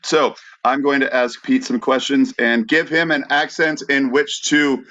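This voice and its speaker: A man hosting a podcast in casual chat, easygoing and quick to laugh. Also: mid-range voice, level tone, bright, forceful tone. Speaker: podcast host. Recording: dull lo-fi sound.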